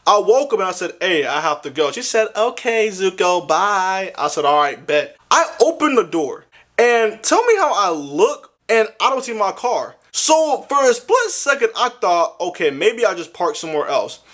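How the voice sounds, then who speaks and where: A man's voice: sits high, sing-song, moderate pace, a bit bright. A young man telling a comedic story with lots of slang, sounding exasperated. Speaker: animated storyteller.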